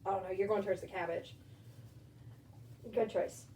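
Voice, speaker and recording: A woman's voice: medium pitch, steady tone, moderate pace, dark tone. A woman reading a storybook aloud to a baby rabbit at home, with chatty asides to her pet. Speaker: rabbit-keeping homesteader and channel host. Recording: echoey room, distant mic, faint background noise.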